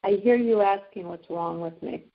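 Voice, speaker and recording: A woman's voice: medium pitch, normal speed, gravelly. A woman taking part as a client in a tapping session, thoughtfully describing her feelings and repeating the phrases back. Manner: reflective, laughs lightly, repeats phrases back. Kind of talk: candid conversation. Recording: dull, lo-fi sound.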